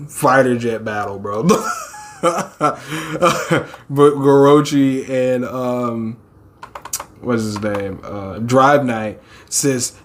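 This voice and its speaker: A young man casually reading a manga chapter aloud and reacting, laughing often, swearing, and pitching his voice way up for the characters. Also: drawn-out words, pauses often, a little hiss or hum. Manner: animated, laughs often, swears, acts out characters in a high squeal.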